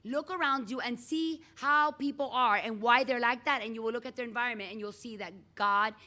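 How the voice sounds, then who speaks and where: A middle-aged woman teacher giving a chatty, animated lecture in a classroom and calling on students by name. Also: a little high, brisk.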